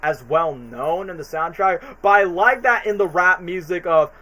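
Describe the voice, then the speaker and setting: Young male streamer, higher-than-average voice, rambling opinionated chat full of fillers and restarts. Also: moderate pace, bright, forceful tone, rough recording. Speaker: streamer ranking movies. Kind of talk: casual opinionated commentary stream.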